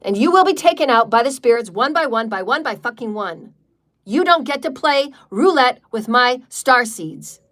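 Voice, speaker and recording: A woman with a somewhat high voice leads a livestreamed healing meditation. She speaks in defiant, declarative bursts and repeats chant-like lines, swearing freely along the way. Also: lively intonation, moderate pace, fairly bright tone. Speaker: spiritual meditation leader.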